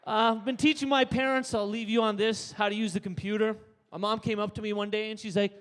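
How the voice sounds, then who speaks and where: A man's voice: high-pitched, fairly even intonation, fast talker, fairly bright tone. A Canadian man doing a stand-up set on a live stage, punchy, tagging jokes with "right?". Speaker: stand-up comedian. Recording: long reverb in a club.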